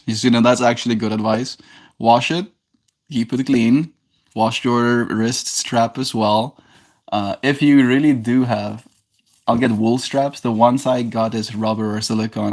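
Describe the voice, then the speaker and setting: A young man talks loosely to his livestream audience, answering comments and teasing his viewers. His delivery is playful and joking, and it drops to quiet mumbles now and then. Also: medium pitch. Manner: playful, teasing, drifting into silly put-on voices and quiet mumbles. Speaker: daily livestreamer. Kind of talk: casual livestream chat reading comments.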